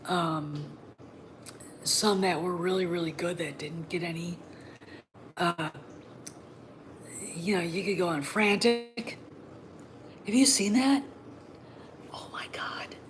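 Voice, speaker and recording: Blunt, animated woman host, low-pitched. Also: slow pace, long pauses, a little hiss or hum, poor audio. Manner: animated, blunt, swears freely, many fillers. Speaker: podcast host. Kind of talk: opinionated solo talk.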